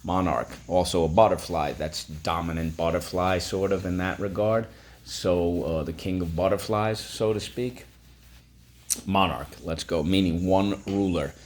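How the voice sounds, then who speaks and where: A man's voice: low voice, steady tone, a little slow. A man teaching a phonics lesson, breaking words into syllables and prompting listeners to repeat.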